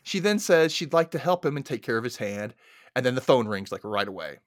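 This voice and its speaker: A man hosting a podcast, recapping a movie in casual chat as an animated, laughing storyteller. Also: medium pitch, fairly quick, no room sound, studio quality. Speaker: podcast host.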